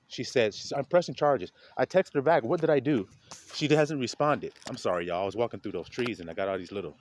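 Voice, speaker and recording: A man preaching informally to his viewers outdoors in melting snow, talking straight to them and building to a loud preaching pitch. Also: a little hiss or hum. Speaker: street preacher. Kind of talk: informal outdoor video sermon.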